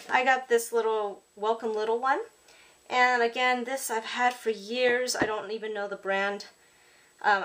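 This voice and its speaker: A woman's voice: medium pitch, fairly bright tone. A woman casually narrating a card-making tutorial at her craft table, chatty and apologetic, with plenty of ums.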